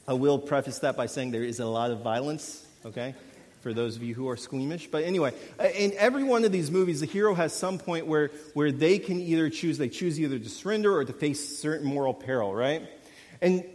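A young man preaching a sermon, talking casually and animatedly, rising loud and dropping quiet. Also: medium pitch. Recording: long hall reverb.

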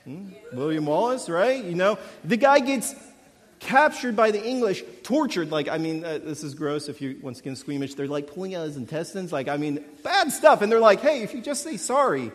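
A young man preaching a sermon, talking casually and animatedly, rising loud and dropping quiet. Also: a little high, very animated, normal speed. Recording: long hall reverb.

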